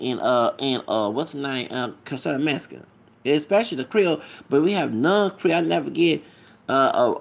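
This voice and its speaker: A man's voice: a little high, creaky, husky. A man ranting casually to his camera as a vlogger, rambling and repetitive, with emphatic asides.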